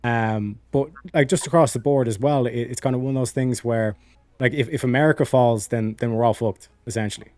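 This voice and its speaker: A man's voice: medium pitch, brisk, a little mellow, no echo. A man with an Irish accent, talking politics in a casual voice chat, rambling with lots of fillers. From Ireland. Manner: rambling, many fillers and restarts.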